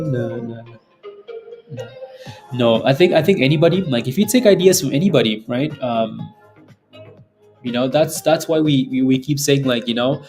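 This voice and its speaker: A man hosts a live trading stream in an easy, rambling way, tagging "right?" onto his sentences and answering chat as he goes. His voice sits at an ordinary pitch for a man. Faint music plays quietly behind him. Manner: loose and rambling, full of fillers and "right?" tags. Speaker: day-trading livestream host. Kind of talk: casual live commentary reading chat.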